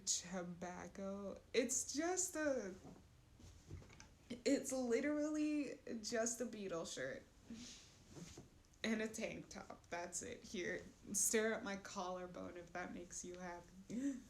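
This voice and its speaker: A woman's voice: medium pitch, expressive, slow, slight background noise. A woman in her twenties chatting casually on a live stream, rambling and frank, often breaking into giggles. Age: 20s. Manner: giggly, laughs between sentences; loose and rambling, frank about crude topics.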